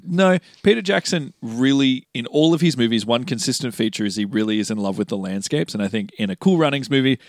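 Man pitching a story in a dry room. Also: lively intonation, fairly quick, few pauses, no echo. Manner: laughing often, enthusiastic storytelling. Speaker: podcast co-host pitching a movie sequel. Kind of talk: casual comedic chat.

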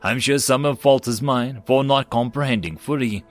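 Brief: man reading as a stiff, literal alien envoy, precise and flat, mid-pitched, faint music behind. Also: normal speed, lightly acted. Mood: formal, literal. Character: literal-minded formal male alien diplomat.

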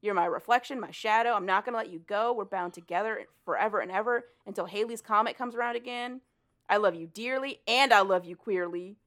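A woman's voice: mid-range voice, fairly quick, fairly bright tone, lightly acted. Woman playing an earnest teen girl exorcist. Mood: tender. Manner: earnest, pleading. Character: teenage girl praying to banish a demon.

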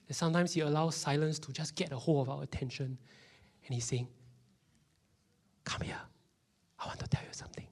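A man in his thirties with a Singaporean English accent, preaching a sermon in a church and now and then dropping his voice to a whisper for emphasis. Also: medium pitch. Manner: animated, drops into whispers for emphasis. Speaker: pastor. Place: church hall.

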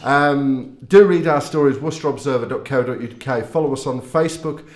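A man's voice: medium pitch, brisk, a little hiss or hum. A man hosting a casual podcast, teasing his co-host and signing off in a jokey, self-mocking way. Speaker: podcast host, newspaper editor. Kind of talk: casual podcast banter and sign-off. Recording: roomy studio echo.

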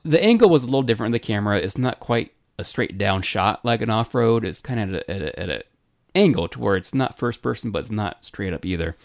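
Podcast co-host, male, very low voice, dry close sound, easygoing rambler. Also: fast talker, gravelly, no echo. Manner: relaxed, rambling, many fillers and restarts. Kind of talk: casual retro gaming chat.

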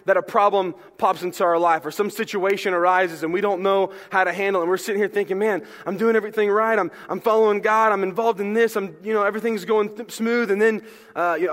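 High-voiced pastor in a reverberant church. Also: male voice, a bit bright. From American South. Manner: conversational and joking, asks the congregation questions. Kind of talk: sermon. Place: church sanctuary. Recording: long hall reverb.

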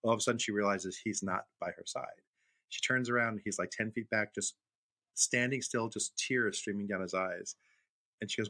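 Speaking slightly fast with a steady, fairly bright, medium-pitched voice, this middle-aged podcast co-host from Brooklyn keeps the chat casual. He spins anecdotes and performs the different voices within them.

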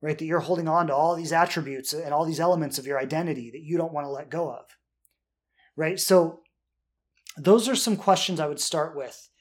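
A man with a high voice for a man talks through listener questions as a relationship coach. He is earnest and direct, and he often adds "right?" to check that the listener follows. His tone is that of a coaching show. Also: a little fast, husky.

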